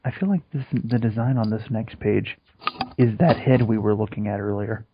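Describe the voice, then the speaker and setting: A man's voice: lowish voice, moderate pace, lo-fi sound, background noise. A man co-hosting a casual podcast, rambling and joking crudely. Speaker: podcast co-host.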